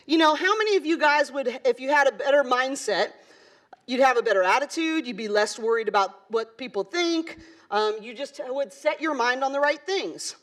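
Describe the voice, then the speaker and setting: A woman speaks to a conference audience in a high, light voice. She is middle-aged, earnest and chatty, with plenty of "you know" and "um" as she works through her points. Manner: earnest, conversational, many fillers and asides. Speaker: basketball coach giving a talk. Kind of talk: motivational conference speech. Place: conference hall.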